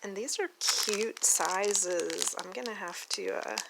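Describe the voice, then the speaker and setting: A woman from Oklahoma with a light Oklahoma accent and a gravelly edge to her voice, gushing in a chatty, unhurried way while unboxing at her table at home. A clear hiss sits under the home recording. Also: mid-range voice. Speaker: doll collector vlogger. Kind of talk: casual unboxing vlog.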